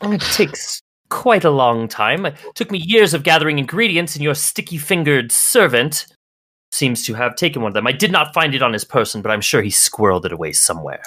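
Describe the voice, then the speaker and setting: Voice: mid-range voice, very animated, brisk, pushed and bright, husky, no room sound, studio quality, heavily acted. A game master as a haughty young sorceress. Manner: imperious, grand, formal. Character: young haughty woman alchemist, vain and accusing.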